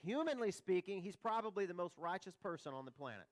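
With a fairly high voice, a male pastor delivers a very animated, quick-paced sermon in a conversational manner. He throws out rhetorical questions and sprinkles in light, humorous asides.

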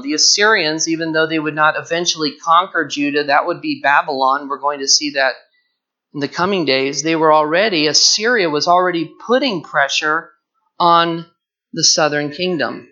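A man's voice: a little high, normal speed, pushed and bright. A man teaching a Bible lesson verse by verse, explaining the text in an earnest, explanatory way and drawing out key words. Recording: dull lo-fi recording.

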